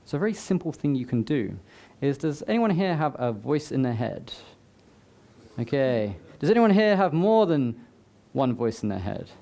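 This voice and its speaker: A man's voice: mid-range voice, big pitch swings, normal speed, gravelly, warm tone. A man giving a motivational talk to a live audience, conversational, with joking asides to the crowd. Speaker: summit speaker. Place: live event before an audience.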